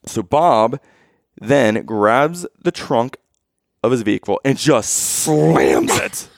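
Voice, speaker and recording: Gravelly-voiced man telling a story. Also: mid-range voice, takes it slowly, no room sound. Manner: animated storyteller, acts out quoted exchanges. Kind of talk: casual storytelling chat.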